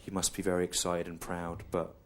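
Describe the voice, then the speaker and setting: A middle-aged English man doing a deadpan stand-up routine, telling a slow, repetitive story on a theatre stage. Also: deep voice, a loud crowd. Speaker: stand-up comedian. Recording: clear audience noise behind. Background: audience laughter.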